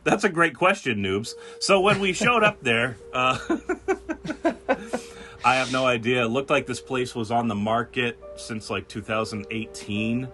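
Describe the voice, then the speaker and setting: Lively, bright-voiced male podcast host. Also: mid-range voice, unhurried. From New England. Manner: animated storyteller, acts out quotes, laughs often. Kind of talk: casual podcast chat.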